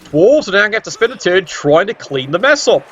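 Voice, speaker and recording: A man commentating a game, sarcastic and excitable, swearing often. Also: high-pitched, normal speed, highs cut off, slight background noise. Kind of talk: tabletop video game commentary.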